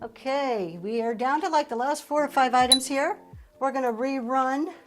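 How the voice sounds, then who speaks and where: Upbeat mid-aged woman from pennsylvania chatting thru a live auction, kinda high voice, bit of music under it. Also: moderate pace. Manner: chatty, upbeat, thanks viewers often. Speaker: live-stream reseller host. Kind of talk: live auction selling chat.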